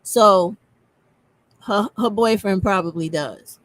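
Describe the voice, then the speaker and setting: A woman's voice: mid-range voice, slow, fairly bright tone. A woman commenting on a clip, emphatic and repetitive as she drives her points home. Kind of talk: reaction commentary.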